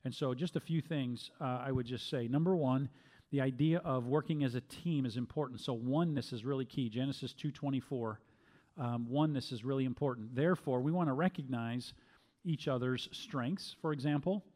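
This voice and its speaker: A middle-aged man answering questions as a pastor, speaking calmly and measuredly, with frequent restarts. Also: medium pitch, fairly quick. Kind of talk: Q&A teaching talk.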